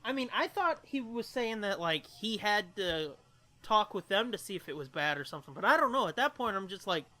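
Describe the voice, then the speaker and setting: A man's voice: high voice, sing-song, a little fast, bright, forceful tone. A man co-hosting a podcast, recapping a movie plot in crude, profanity-heavy casual chat. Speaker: podcast co-host.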